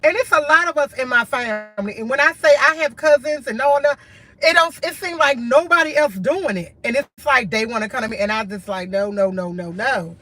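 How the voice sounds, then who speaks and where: A woman's voice: high-pitched, fairly quick, sharp tone. A tired woman, talking candidly and earnestly to her livestream viewers in short, repeated phrases. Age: adult with a school-age son, in college. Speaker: livestream host.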